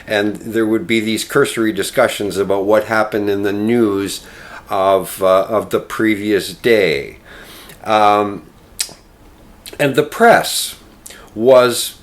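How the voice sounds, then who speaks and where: An older man delivers political commentary at an unhurried, measured pace, pausing often on ums and uhs. His voice sits on the lower side, and he stretches his points out as he builds them. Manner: slow, deliberate delivery with frequent fillers.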